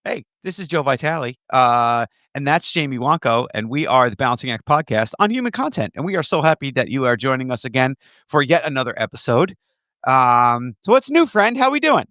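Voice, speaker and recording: A man co-hosting a casual podcast, playful and animated with many fillers, on a close mic. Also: medium pitch, a little fast, no echo. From United States. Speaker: podcast co-host.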